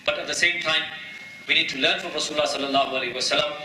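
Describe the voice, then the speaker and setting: A man's voice: a little high, fairly even intonation, rapid-fire, pushed and bright, slight background noise. A man preaching in a mosque, emphatic, asking rhetorical questions and repeating key phrases, with Arabic terms mixed in. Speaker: imam giving a mosque talk. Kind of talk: sermon. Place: mosque prayer hall. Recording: echoey hall, voice from a distance.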